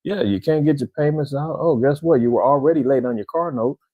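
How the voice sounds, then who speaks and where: A man's voice: mid-range voice, fairly quick, no room sound, narrow, tinny audio. A man giving a casual, rambling commentary in slang, talking straight to his viewers. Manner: conversational, rambling, slangy, addresses viewers directly. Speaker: vlogger commentator.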